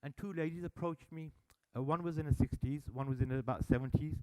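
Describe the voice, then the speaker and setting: The service user speaker at this annual meeting has a slightly high voice and talks fast in the meeting hall. He tells stories with energy, acting out the dialogue in them.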